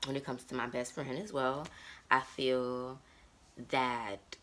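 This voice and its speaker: A woman's voice: extremely low pitch, steady tone, slow, a bit bright, slight background noise. A woman in her thirties talking candidly and emotionally about her life in a personal vlog monologue. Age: 30s. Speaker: vlogger.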